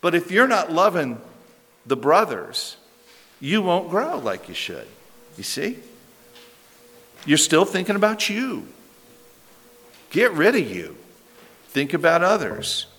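A man's voice: fairly high pitch, fairly bright tone. A man preaching an expository sermon, emphatic, repeating key phrases and checking in with his listeners. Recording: long hall reverb.

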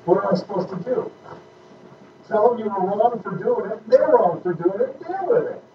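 A man's voice: high-pitched, animated, moderate pace. Man, church teacher, emphatic, conversational, muffled distant recording with background noise. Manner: emphatic, conversational, checks understanding with "okay?". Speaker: pastor teaching a class on parenting. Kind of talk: informal teaching talk with questions. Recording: echoey room, distant mic, muffled, noisy.

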